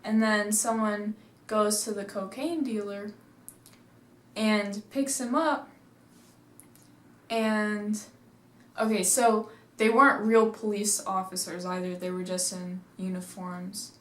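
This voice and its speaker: Reviewing a film from her seat at home, a woman gives a chatty, meandering retelling of the plot, leaning heavily on "like." Her voice is mid-range, her tone steady, her pace slow, and the room sounds echoey.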